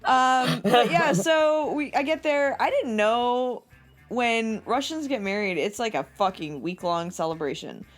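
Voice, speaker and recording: A young woman with a fairly high voice tells a rambling story on a podcast, swearing freely and breaking into laughter. Her delivery is animated and casual, full of "like" and quick asides. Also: soft background music. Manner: animated, profane, laughs often while telling stories. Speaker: podcast co-host.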